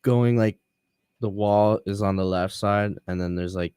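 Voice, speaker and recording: A man co-hosting a casual chat, laughing along and telling a story in quick bursts. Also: fairly low pitch, fairly even intonation, warm tone, clear, resonant tone, no room sound, clean studio sound. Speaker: podcast co-host.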